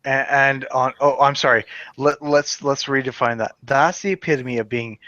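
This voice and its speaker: A man's voice: mid-range voice, steady tone, normal speed, sharp tone, no echo, lo-fi sound. A man in his thirties hosting a casual chat, rambling, swearing and laughing often. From Western Canada. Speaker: channel host.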